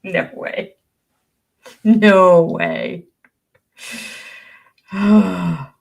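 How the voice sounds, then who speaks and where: A woman's voice: on the low side, very slow, creaky, slightly rough. An older woman hosting a livestream, chatting casually, reading viewer comments aloud and laughing often. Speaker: livestream host.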